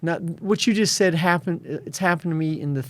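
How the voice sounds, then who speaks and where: A man being interviewed as a success and addiction coach tells stories with confidence and acts out the voices of people he quotes. His voice is a little high and moves at a moderate pace.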